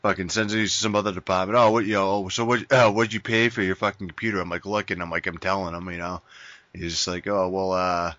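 A man's voice: sits low, little pitch movement, fast, fairly bright tone. A man telling a long, profane, rambling story in casual chat on a podcast, saying dude a lot. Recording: dull lo-fi sound.

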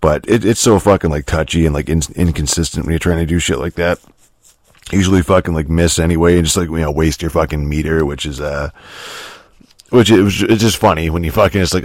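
A man with a very low voice, recorded dry and close with no room sound. He talks loosely through a game review, swearing often and circling back to restart his sentences between chuckles. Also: brisk, dry recording. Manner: profane, rambling, many fillers and restarts, chuckles often. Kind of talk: casual rambling game review.

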